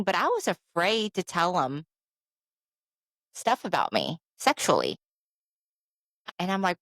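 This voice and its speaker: Woman in her 40s, low voice, candid podcast co-host, dry close mic. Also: a little slow, pauses often, no room sound. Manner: open, animated storytelling with frequent "I'm like" asides. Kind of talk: candid casual chat.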